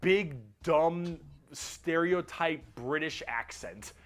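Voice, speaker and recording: A man giving a comedic, animated lore explanation, joking and swearing casually. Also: fairly high pitch, slow pace.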